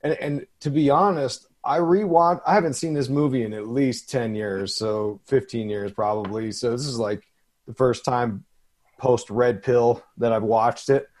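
A man co-hosting a podcast in a voice of ordinary pitch. He talks in a loose, halting way and fills his pauses. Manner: halting, relaxed, full of fillers. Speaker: podcast co-host. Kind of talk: casual podcast chat.

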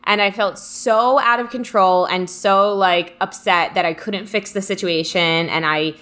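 Bright-voiced woman rambling reflectively. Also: medium pitch, fairly even intonation, unhurried. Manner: rambling and reflective, many fillers. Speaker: co-host reading live comments. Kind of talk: casual live-stream chat.

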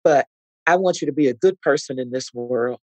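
A woman's voice: rumbling low, fairly quick, no echo, poor audio. A middle-aged woman telling heartfelt stories as a guest in a podcast interview, acting out what people said. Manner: heartfelt, earnest storytelling with acted-out quotes. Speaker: actress guest.

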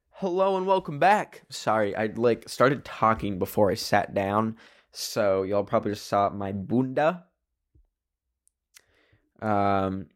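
A young man rambling playfully through casual would-you-rather questions on his own video channel, with many fillers. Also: mid-range voice. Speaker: solo video creator.

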